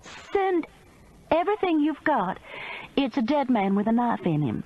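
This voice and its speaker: A woman's voice: sits high, big pitch swings, measured pace, a little mellow, muffled recording, voice pushed up. A woman voicing a flustered older Southern woman, the story's heroine, talking in alarmed urgency.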